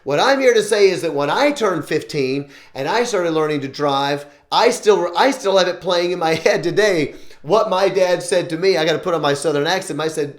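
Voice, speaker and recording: Male show host, earnest and opinionated, voice on the higher side. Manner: earnest, opinionated, often restarting sentences. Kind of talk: opinion vlog monologue. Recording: roomy echo.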